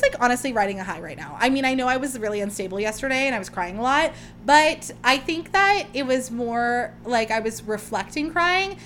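Young woman podcaster, chatty and excitable, a touch high-pitched. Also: a little hiss or hum. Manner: gushing, chatty, rambling with many "like"s. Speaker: podcast host. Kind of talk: casual solo chat.

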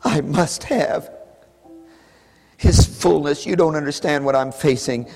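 Man preaching hard, high voice with gravel in it, rhythmic repeated pleas, big echoey hall. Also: takes it slowly, faint music behind. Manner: impassioned pleading prayer, swinging from hushed to shouted; repetitive, rhythmic calls. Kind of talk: sermon. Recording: echoey hall with long reverb.

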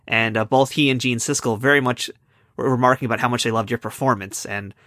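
A man's voice: mid-range voice, steady tone, fast talker, pushed and bright, no echo, studio quality. A man from the United States hosting an interview podcast, enthusiastic and full of praise for his guest. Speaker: podcast host. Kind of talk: casual interview chat.

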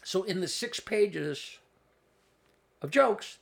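A comedian in his sixties tells long anecdotes in a relaxed interview, doubling back and adding asides. His voice is gravelly with a slightly raised pitch. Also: slow. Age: 60s. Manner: rambling anecdotes with asides and restarts. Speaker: comedian guest. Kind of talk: storytelling in a casual interview.

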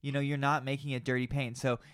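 A man's voice: medium pitch, little pitch movement, fast talker, a bit bright, smooth, no echo, studio quality. A man co-hosting a podcast, speaking earnestly and reassuringly, with some playful teasing, in casual conversation. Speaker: podcast co-host.

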